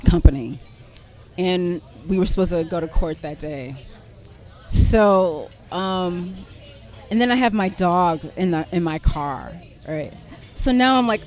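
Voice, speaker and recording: A middle-aged woman telling a personal story as a podcast guest, animated and self-deprecating, laughing often as she talks. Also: fairly low pitch, unhurried. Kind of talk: conversational storytelling.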